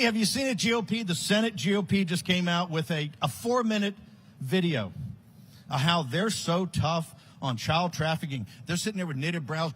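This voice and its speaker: A man rails at a conference crowd in a combative political speech, his raspy voice straining very high. The tone is sharp and bright, and he keeps tipping into shouts full of scorn. He sounds like a big hall speaker working the room. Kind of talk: fiery political rally speech.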